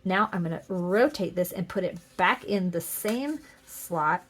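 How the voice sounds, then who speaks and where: A middle-aged woman talks through a crafting demo in a chatty, upbeat way. She stops to correct herself, fills pauses with little ums, and keeps a friendly, explaining tone. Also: on the low side, animated, a bit bright, a little hiss or hum. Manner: chatty, upbeat, many fillers and self-corrections. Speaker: card-making demonstrator. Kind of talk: casual crafting tutorial.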